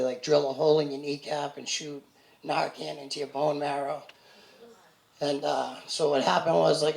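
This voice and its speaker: A man in his thirties giving a personal recovery testimony at a community event, halting and full of "like" and "you know". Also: on the high side, vocal fry, reverberant, low-quality recording. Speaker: speaker sharing a recovery story. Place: event hall.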